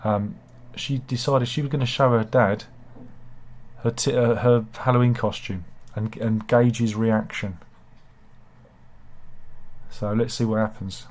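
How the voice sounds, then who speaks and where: A man's voice: mid-range voice, steady tone, a little slow, pauses often, a little mellow. A man with a British accent hosting a casual satirical news chat, rambling and self-deprecating with asides. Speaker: host.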